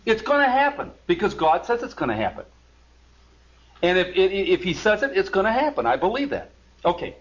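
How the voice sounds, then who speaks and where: Guy leading a bible study, lively up and down voice, kinda lo-fi sound. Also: sits high, brisk. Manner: animated, emphatic, reads scripture aloud with asides. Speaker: Bible teacher. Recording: lo-fi recording.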